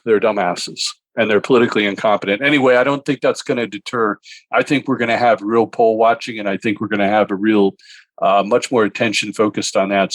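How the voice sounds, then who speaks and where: A man's voice: fairly low pitch, no echo. A man hosting a political talk show, blunt and combative, cursing freely. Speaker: podcast host.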